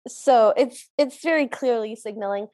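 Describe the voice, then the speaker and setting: A podcast co-host with a high voice chats casually while recapping a film. She's an animated storyteller who acts out quoted lines, keeping a moderate pace.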